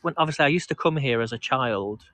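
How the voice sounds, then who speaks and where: A man talks casually to his live-stream viewers while walking outdoors in a town park. His voice is bright and forward, and the close phone mic keeps it dry. He rambles, restarts and laughs often. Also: medium pitch, lively intonation, quick pace, dry recording. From England. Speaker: vlog host.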